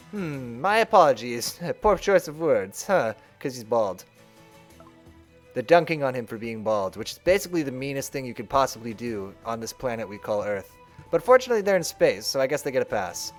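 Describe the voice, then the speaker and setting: A man's voice: mid-range voice, sing-song, normal speed, soft background music. A man commenting casually on a game he is playing live, reading its dialogue aloud in playful voices. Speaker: streamer.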